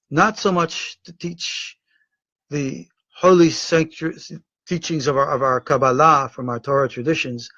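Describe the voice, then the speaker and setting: A middle-aged American man, a rabbi and Torah teacher, giving an emotional, indignant video address full of halting repetitions. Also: a little high, fairly bright tone, dry recording, dull audio. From United States.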